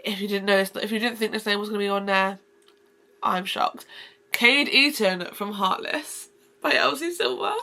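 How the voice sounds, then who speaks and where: Gushing, gravelly-voiced woman book vlogger. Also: mid-range voice, normal speed, pushed and bright. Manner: gushing and effusive, rambling with restarts. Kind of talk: casual book-review vlog.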